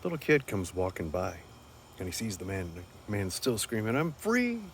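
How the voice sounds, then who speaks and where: A man with a fairly low voice talks in an earnest, rambling way, repeating words as he gathers his thoughts. It sounds like a casual, unscripted monologue. Faint background noise sits under the voice. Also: expressive, normal speed, creaky. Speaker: speaker sharing life reflections.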